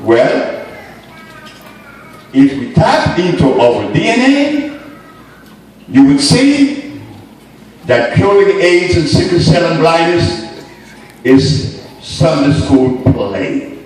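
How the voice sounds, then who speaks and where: A man telling stories to an audience as a lecturer, animated and playful, often laughing as he speaks. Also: a little high, takes it slowly, pauses often. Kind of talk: storytelling talk to an audience. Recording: roomy hall from far off.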